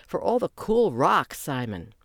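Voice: medium pitch, big pitch swings, unhurried, gravelly, fairly bright tone, no room sound, studio quality, full character voice. A narrator voicing an enthusiastic girl who loves rocks, in a storybook reading.

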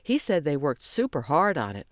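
A narrator voicing an eager, excitable boy whose father is a professor, in a storybook reading. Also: mid-range voice, normal speed, dry recording, clean studio sound.

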